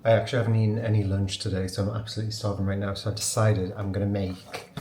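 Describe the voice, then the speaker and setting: A chatty young man from England talks casually through a day at home. His voice sits on the low side, with a faint hiss of background noise under it. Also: little pitch movement, quick pace, mellow. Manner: chatty, talks to his puppy in a cooing baby voice. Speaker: vlogger. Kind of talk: casual vlog chat.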